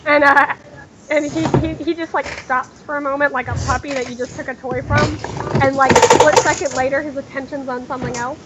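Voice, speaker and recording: A woman narrating as game master in a tabletop game, talking haltingly with many fillers and restarts. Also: sits high, fairly even intonation, heavy background noise.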